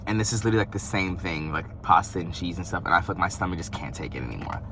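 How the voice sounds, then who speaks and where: A young man chats through a food review in his car, rambling and joking with plenty of asides. His voice is bright and forceful, sitting a little low for a man. Faint car and road sounds hum behind him. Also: rapid-fire, creaky. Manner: chatty, rambling, playful asides. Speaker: vlogger. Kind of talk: casual mukbang food review. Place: parked car.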